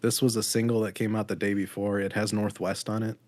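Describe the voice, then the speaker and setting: A man's voice: fairly low pitch, little pitch movement, a little fast, a little mellow, no room sound. A man co-hosting a podcast, giving a blunt, critical album review in casual chat with frequent ums. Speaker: podcast co-host.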